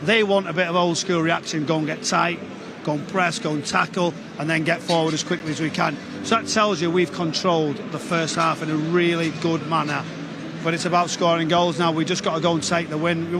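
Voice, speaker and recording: A high-voiced man, out of breath, talks football in an animated pitchside chat. He keeps tacking questions onto his points. Loud noise from the open-air stadium sits behind him. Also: brisk. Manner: animated, asks for agreement with tag questions. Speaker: match commentator, pundit. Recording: noisy outdoor stadium pitchside.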